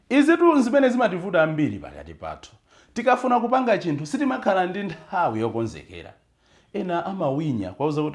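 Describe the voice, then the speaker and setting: A Catholic priest preaching a homily, mixing in English phrases with emphatic stresses. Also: male voice, on the high side.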